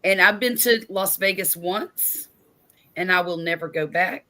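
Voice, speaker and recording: Lowish bright woman voice, casual chat, old-timey sayings. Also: measured pace. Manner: chatty, uses old sayings.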